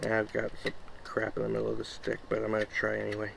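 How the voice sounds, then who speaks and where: A man's voice: on the low side, completely flat delivery, creaky, a bit bright, a little hiss or hum. A man casually reviewing pocket knives, muttering and exclaiming while he carves and cuts. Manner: offhand, mutters while working, quick exclamations. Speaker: knife reviewer. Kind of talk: casual hands-on demo.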